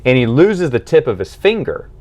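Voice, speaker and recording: A man's voice: mid-range voice, big pitch swings, moderate pace, a little mellow. A man giving a casual book review, retelling scenes enthusiastically with lots of fillers and restarts.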